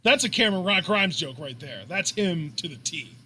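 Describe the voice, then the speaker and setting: Bright, lively, high-voiced joking man. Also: normal speed, a little hiss or hum. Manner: joking, playful, swears freely. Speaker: co-host of a wrestling watch-along. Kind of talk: casual live reaction chat.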